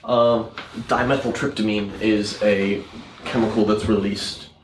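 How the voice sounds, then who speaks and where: A man's voice: on the low side, little pitch movement, a little slow, noisy background. A man explaining his project in a casual chat, thoughtful and earnest. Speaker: game developer.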